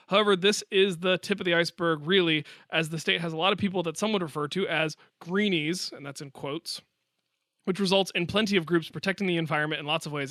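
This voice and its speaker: A man's voice: sits high, bright, forceful tone, no room sound, studio quality. A man co-hosting a science podcast, reading a listener email aloud in a chatty, joking way. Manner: chatty, jokey, playful asides. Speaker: podcast co-host.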